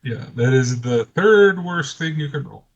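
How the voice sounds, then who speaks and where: A man in a tabletop session who sounds wry and a little fed up as he talks about his character's limits. He speaks at a middle pitch. His lo-fi microphone leaves the sound dull and muffled. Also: expressive, measured pace. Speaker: player. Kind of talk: casual tabletop play. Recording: dull lo-fi mic.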